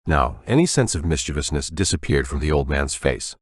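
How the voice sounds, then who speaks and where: A man narrating an audiobook in a measured, even storytelling manner on a close studio mic. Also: a bass voice, breathy edge, no room sound. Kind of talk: scripted narration.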